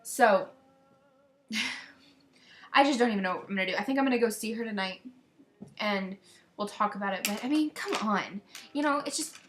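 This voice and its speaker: A woman's voice: medium pitch, moderate pace, long pauses, a bit bright, slight background noise. Teenage girl, casual webcam chat; rambling, gossipy, venting to a friend. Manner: rambling, gossipy, quotes others in exasperated voices. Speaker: vlogger sending a video message to a friend. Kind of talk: casual chatty video message.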